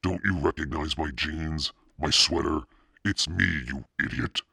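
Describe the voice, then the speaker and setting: A man voicing a girl in a monster mask whose voice comes out gruff and menacing. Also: a bass voice, unhurried, sharp tone, no room sound, clean studio sound, pitched above the performer's own voice, full character voice. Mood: mocking.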